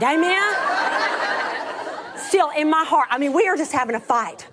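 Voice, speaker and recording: High-voiced woman preaching a lively story. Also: normal speed, a loud crowd, heavy background noise. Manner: animated, swings from loud laughing emphasis to hushed whispers. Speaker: speaker telling a testimony. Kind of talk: sermon storytelling.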